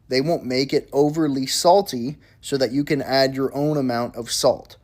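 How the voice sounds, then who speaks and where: A man in casual commentary, explaining patiently at a mid pitch. He is relaxed and throws in the odd mild swear.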